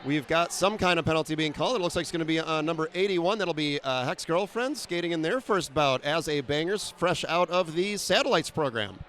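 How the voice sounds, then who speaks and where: A man calling a roller derby bout play by play, quick and wry, with frequent fillers and self-deprecating asides. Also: fairly high pitch, lively intonation, a bit bright, a little hiss or hum. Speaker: play-by-play announcer. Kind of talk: live sports commentary.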